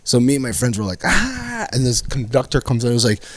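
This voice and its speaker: Middle-aged male comic from Canada, animated storyteller, dry close mic. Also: medium pitch, quick pace, dry recording. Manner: animated anecdotes with acted-out quotes. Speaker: guest comedian. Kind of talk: casual podcast storytelling.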